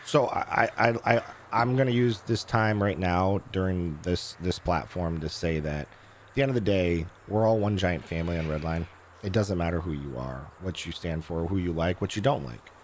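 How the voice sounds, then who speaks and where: A hoarse man with a very low voice, chatting loosely to his stream audience and stopping often to restart his sentences. Faint noise sits under the recording. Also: moderate pace. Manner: rambling, with many fillers and restarts. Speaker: game streamer. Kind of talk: casual live-stream chat.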